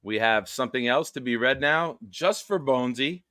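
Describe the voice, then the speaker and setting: A man's voice: mid-range voice, animated, normal speed, pushed and bright, no room sound, studio quality. A man hosting a casual live stream over a video call, joking around and directing his co-host with crude humor. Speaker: show host.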